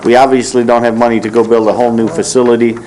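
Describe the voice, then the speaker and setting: A man's voice: mid-range voice, little pitch movement, very fast, dark tone, low-quality recording. A man on a county commission, speaking in a practical, matter-of-fact way during a planning meeting. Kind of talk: meeting discussion.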